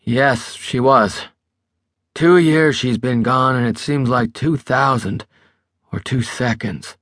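A man's voice: mid-range voice, slow, fairly bright tone, no room sound, studio quality, pitched above the performer's own voice. A male narrator playing a tense younger driver who answers in clipped, tight replies.

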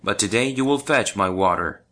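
A man's voice: fairly low pitch, expressive, moderate pace, sharp tone, pitched below the performer's own voice. A man voicing a cruel witch who chants about eating a boy, in a children's storybook. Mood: menacing chant.

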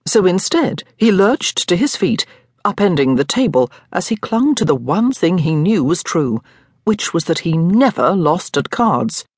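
A woman narrating an audiobook with expressive, lively storytelling. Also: fairly low pitch, measured pace, husky, no echo, studio quality. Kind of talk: scripted narration.

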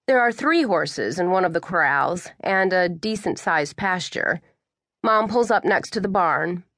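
A woman reading a first-person audiobook in a measured storytelling way. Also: lowish voice, a bit bright, no room sound, studio quality. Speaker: audiobook narrator.

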